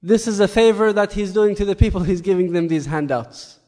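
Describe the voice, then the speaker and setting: A man telling a story as a sermon, animated and full of rhetorical questions. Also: sits high, a little fast. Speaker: preacher. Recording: echoey hall with long reverb.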